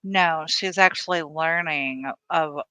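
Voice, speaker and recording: A woman's voice: sits low, slow pace, pushed and bright, clear, resonant tone, no room sound, rough recording. A woman co-hosting a casual live-stream, speaking hesitantly with dry humor. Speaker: stream co-host.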